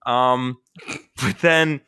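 A young man co-hosting a podcast who tells a story in an animated, casual way, full of fillers and swearing. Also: medium pitch, drawn-out words, clear, resonant tone, no echo, clean studio sound. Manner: animated and profane, with frequent fillers. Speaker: podcast co-host.

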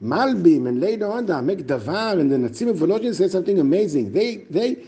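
A man giving a lively Torah lesson, asking rhetorical questions and restarting his sentences often. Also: high voice, fast talker. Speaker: yeshiva teacher. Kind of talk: Torah lesson on the weekly portion.

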